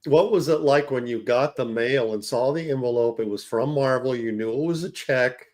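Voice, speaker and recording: A man's voice: medium pitch, moderate pace, darkish tone. A man co-hosting a podcast who asks curious, teasing questions in casual chat. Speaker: podcast co-host.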